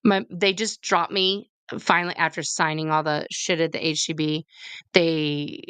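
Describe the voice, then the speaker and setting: A woman in her forties telling a personal story in casual chat, candid and profane, with animated delivery. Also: deep voice, a little slow, clear, resonant tone, no echo.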